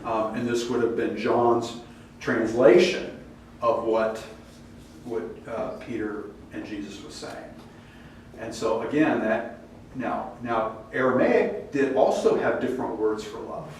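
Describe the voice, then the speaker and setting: A man teaching a Bible class in a casual lecture style, acting out quoted lines with lively pitch jumps. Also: slow. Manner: animated, acts out quoted dialogue with rising pitch. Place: church classroom. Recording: distant echoey room mic with faint noise.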